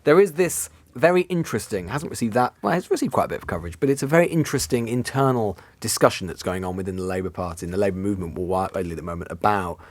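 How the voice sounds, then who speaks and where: A man with a British accent, a journalist guest who talks through politics in fluent, rapid analysis. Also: on the low side, lively intonation, dry recording.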